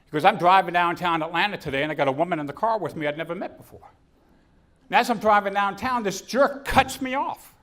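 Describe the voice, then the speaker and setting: A man's voice: sits high, fast. A man giving a comedic keynote speech to a conference audience, telling stories and acting out the people in them. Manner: storytelling, animated, acts out quotes. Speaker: keynote speaker. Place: conference stage.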